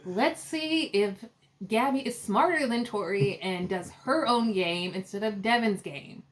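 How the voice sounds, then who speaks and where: A woman co-hosting a casual recap chat, animated and quoting cast members, with a lot of "like". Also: mid-range voice, measured pace. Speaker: podcast co-host.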